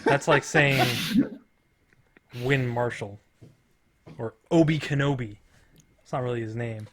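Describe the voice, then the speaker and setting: A man follows a trivia broadcast on stream and talks back to it with casual asides and quick guesses at the answers. His voice sits at a medium pitch. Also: slight background noise. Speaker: streamer playing along with a trivia show. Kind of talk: casual play-along reaction.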